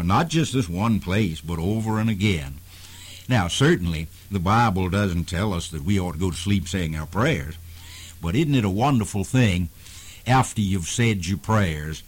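A man teaching the Bible on a radio program, in a folksy, conversational way with frequent pauses and fillers. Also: low voice.

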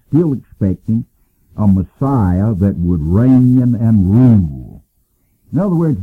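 An older man giving an informal, folksy Bible lesson, talking plainly with many pauses and "uh"s. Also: on the low side, slightly rough, narrow, tinny audio. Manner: folksy and conversational, frequent "uh"s. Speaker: Bible teacher.

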